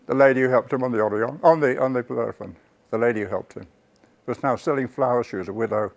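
A man giving a public history lecture to a live audience. He tells the story with lively asides to the listeners and corrects himself mid-word. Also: medium pitch, fast, creaky. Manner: self-corrects and restarts words.

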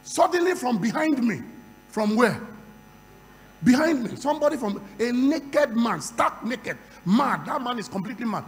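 A man's voice: very high-pitched, expressive, moderate pace. A man preaching a sermon, calling for responses from the crowd and breaking into speaking in tongues. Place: large hall. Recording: long hall reverb.

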